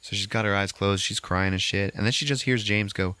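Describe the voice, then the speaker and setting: A man hosting a podcast, recapping a movie in a casual, animated way with constant swearing. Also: on the low side, moderate pace, few pauses, smooth, dry recording. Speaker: podcast host.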